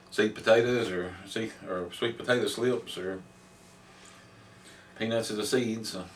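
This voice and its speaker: Low, flat-voiced older man. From Middle Tennessee. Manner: plainspoken, unhurried explaining. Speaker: homesteader. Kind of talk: casual chat. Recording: distant mic with faint background noise.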